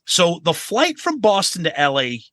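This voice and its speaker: A man's voice: high-pitched, huge pitch swings, normal speed, sharp tone, dry recording. A man co-hosting a podcast, telling a travel story in a casual, profane way. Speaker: podcast co-host.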